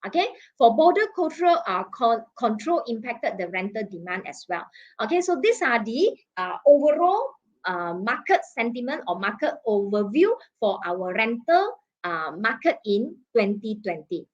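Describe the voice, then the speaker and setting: A woman with a Malaysian English accent presenting market data in a webinar, checking in with "okay?" and "right?" and pausing on fillers. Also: fairly high pitch, very animated. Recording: dull lo-fi webinar audio.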